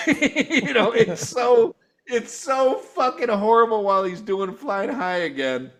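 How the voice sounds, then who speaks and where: A man's voice: high-pitched, big pitch swings, takes it slowly. A man hosting a live show, ranting and swearing constantly as he reviews a concert, exasperated and mocking. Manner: mimics singers and guitars in loud mocking voices. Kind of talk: profane ranting commentary.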